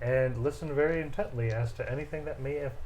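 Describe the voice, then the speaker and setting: Earnest man player, mid-pitched. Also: fast, darkish tone, a little hiss or hum. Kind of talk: casual tabletop play.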